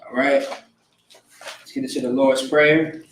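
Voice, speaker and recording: A man's voice: mid-range voice, unhurried. A man leading a small worship service, chatting loosely with many restarts before leading prayers line by line. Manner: relaxed slangy talk with many restarts. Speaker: service leader. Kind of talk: casual chat then call-and-response prayer. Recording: echoey room with faint background noise.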